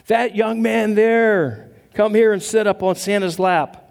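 A man playing Santa Claus, a large bearded man who bellows his words slowly and drawn out. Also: sits high, gravelly, a little mellow, pitched above the performer's own voice. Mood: booming.

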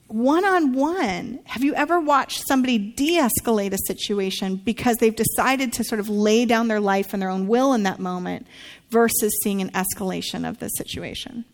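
Woman pastor preaching, kinda high voice, acts out the quotes in her stories. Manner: animated storytelling, acts out quotes. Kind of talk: sermon dialogue.

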